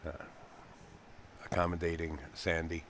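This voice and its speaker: A man's voice: low voice, completely flat delivery, unhurried, fairly bright tone. A man giving live commentary on a pool match, chatty and folksy, with frequent fillers and easy laughter. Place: pool hall commentary booth.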